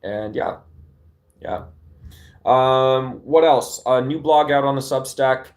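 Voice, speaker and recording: A man's voice: mid-range voice, slow. A man from Arizona hosting a casual livestream chat, laid-back and rambling, with many fillers and restarts, talking into his phone at home. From Arizona, United States. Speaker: livestream host.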